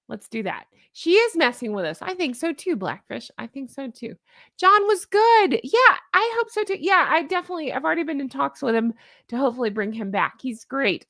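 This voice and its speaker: A woman with a somewhat high voice hosts a casual livestream. She talks in a chatty, opinionated way and reads viewer comments aloud as she goes. Her voice sounds dry and close, with no room echo. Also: fairly bright tone. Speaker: livestream host. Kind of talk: casual commentary to a live chat.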